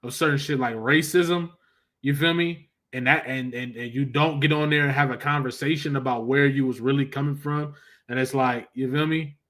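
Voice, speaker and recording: Young man, livestream host, bright and forceful tone, loose slangy rambling, casual chat. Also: medium pitch, steady tone, normal speed. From Arizona. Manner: loose, slangy, keeps saying "you feel me".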